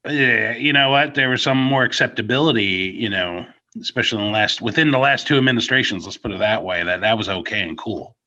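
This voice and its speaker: A man's voice: mid-range voice, fast, sharp tone, lo-fi sound. A man co-hosting a wrestling podcast in casual chat, with a wry, sarcastic delivery. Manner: wry, sarcastic, frequent laughter.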